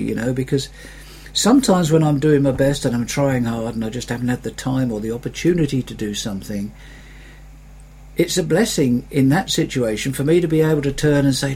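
Husky-voiced man preaching conversationally. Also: mid-range voice, a little mellow. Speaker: pastor. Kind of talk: sermon.

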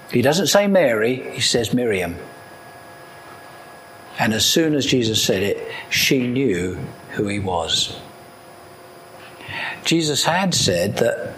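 A man preaching a sermon, animated and throwing rhetorical questions at his listeners. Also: medium pitch, slight background noise, poor audio.

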